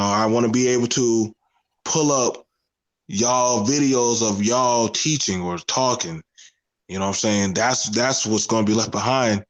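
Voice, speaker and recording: A man's voice: medium pitch, low-quality recording. A man with a Southern US accent speaking as a guest on a casual panel discussion, earnest and emphatic, often repeating his phrases.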